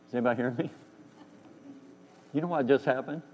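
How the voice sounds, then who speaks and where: A man's voice: mid-range voice, fairly quick, long pauses, a little mellow. Man preaching in a reverberant hall. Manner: conversational, acts out dialogue, asks the congregation. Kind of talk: storytelling sermon. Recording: reverberant hall with faint hum.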